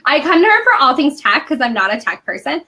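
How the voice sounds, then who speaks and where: A woman guest in a casual podcast chat, telling stories in a chatty, animated way with lots of "like". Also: high-pitched, fast. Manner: chatty, animated storytelling with frequent "like" and laughs.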